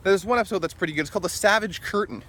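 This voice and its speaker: A man's voice: high voice, racing, a bit bright. A man talking in a casual opinion vlog, rambling and opinionated and often chuckling, recorded outdoors in a city. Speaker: vlogger.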